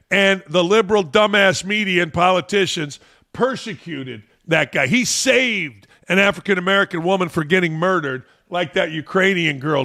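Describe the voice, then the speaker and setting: A man's voice: high voice, vocal fry, bright, forceful tone. A man hosting a sports-talk podcast, ranting in a blunt, profane, combative way. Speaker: podcast host.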